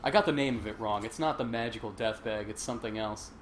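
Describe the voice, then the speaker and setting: A man with a fairly low-pitched voice speaks at a quick pace while hosting a casual game stream. He's joking and chatty, laughing often as he plays and comments, with faint game sound behind him.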